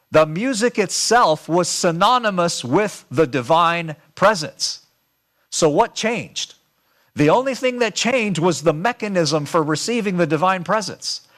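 A man's voice: high-pitched, a bit bright. A man giving a sermon-style lecture, emphatic and asking his audience rhetorical questions. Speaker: speaker.

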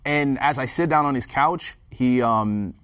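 A man chatting as a podcast co-host, spinning an animated anecdote and slipping into the voices of the people he describes. His voice sits at an ordinary middle pitch. The sound is dry and close, with no room echo. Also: a little slow, smooth. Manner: animated storyteller who acts out the people he quotes. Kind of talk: casual chat.

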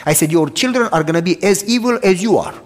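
A pastor in his sixties preaches a sermon, telling stories and loudly acting out both sides of each conversation with great animation. His voice sits high and moves at a quick pace, and a long hall reverb surrounds it.

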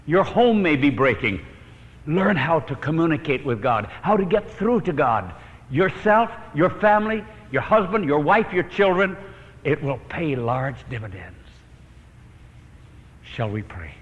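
A man's voice: on the high side, very animated, unhurried. A man preaching a sermon, telling a personal prayer story with dramatic storytelling and acting out his own prayers. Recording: lo-fi hall recording with long reverb.

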